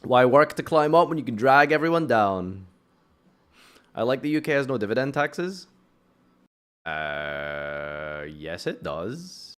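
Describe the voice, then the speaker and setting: A man's voice: medium pitch, normal speed, fairly bright tone. A young British man streaming, chatting casually with a sarcastic, swearing manner. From United Kingdom. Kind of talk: casual chat with chat while playing.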